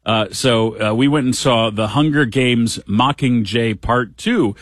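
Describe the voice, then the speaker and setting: A middle-aged man talks on the radio in a loose, rambling way, dropping deadpan jokes as he goes. His voice sits at an ordinary pitch, and the close mic sounds completely dry, with no room around it. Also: measured pace, no room sound. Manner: chatty, dry humor, acts out quotes in voices. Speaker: radio host. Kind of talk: casual monologue.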